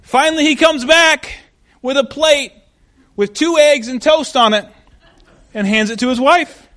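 High-voiced young male pastor. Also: a little slow, pushed and bright. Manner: enthusiastic, storytelling. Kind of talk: sermon.

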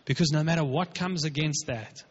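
Preaching as a pastor, a man speaks emphatically and conversationally while acting out quotes. His voice is a little high and breathy at a moderate pace, captured in a dull, lo-fi recording with long hall reverb.

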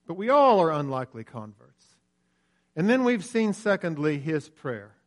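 A man preaching a sermon earnestly, slowing down and swinging his voice up and down for emphasis. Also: a little high, big pitch swings. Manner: earnest, rises and falls sharply for emphasis, slows on key lines.

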